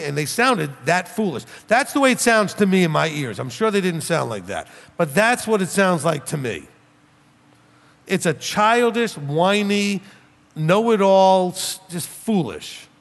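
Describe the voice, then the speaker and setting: A rabbi with a high, creaky, fairly bright voice preaches standing and without notes, with long hall reverb on the recording. His sermon is full of emphatic rhetorical questions and mocking imitations of his critics.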